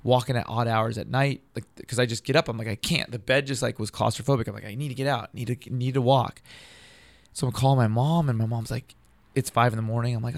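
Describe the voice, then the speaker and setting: A man's voice: mid-range voice, fairly even intonation, fast talker, vocal fry, no room sound. A man telling a long personal story in casual, profane, rambling talk, acting out what others said.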